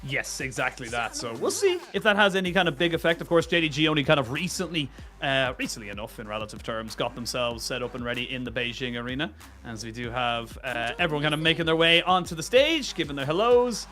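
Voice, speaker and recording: A man's voice: mid-range voice, lively intonation, quick pace, bright, forceful tone, soft background music. A man casting a live esports broadcast, chatting and joking with his co-caster and thanking the viewers. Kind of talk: casual live esports commentary.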